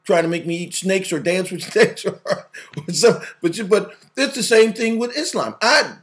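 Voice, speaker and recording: A man's voice: high voice, lively intonation, normal speed, a bit bright. A man co-hosting a casual chat, talking animatedly, repeating words, acting out quotes and laughing often. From family from the Southern US. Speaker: podcast co-host.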